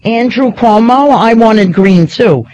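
A woman's voice: on the high side, slow pace, dark tone, dull audio. A woman hosting a talk radio show, delivering a sarcastic, rambling, opinionated monologue.

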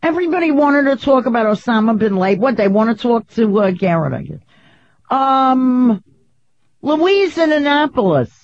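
A woman in her sixties with a New York accent, hosting a radio talk show in a brash, incredulous, quick-tongued manner. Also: fairly high pitch, sing-song, a little mellow. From Queens, New York. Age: 60s. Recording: dull radio broadcast audio.

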